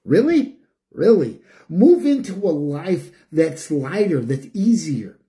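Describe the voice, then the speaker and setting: An older man giving an emotional, preachy spiritual monologue, chanting repeated phrases and swinging between loud and hushed. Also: on the high side, big pitch swings, takes it slowly. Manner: preachy, repetitive, chanting lists. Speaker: spiritual speaker.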